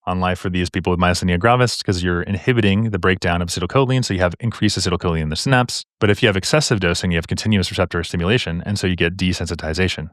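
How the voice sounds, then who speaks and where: A deep, low-voiced man talks quickly, explaining exam questions like a tutor. His delivery is casual and jokey, with fast asides. The sound is dry and close, with no room echo. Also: fairly bright tone.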